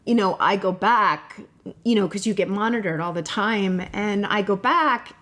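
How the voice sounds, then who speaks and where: A woman's voice: mid-range voice, moderate pace, fairly bright tone. Tearful woman telling a hard story. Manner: talkative, many "like" and "you know" fillers, tearful at times. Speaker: podcast guest. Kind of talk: emotional personal storytelling.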